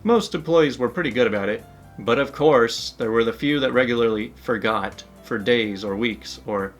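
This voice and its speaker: A man's voice: medium pitch, normal speed, faint music behind. A man hosting a story channel, narrating online stories in an upbeat, chatty way. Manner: upbeat, chatty, laughs between asides.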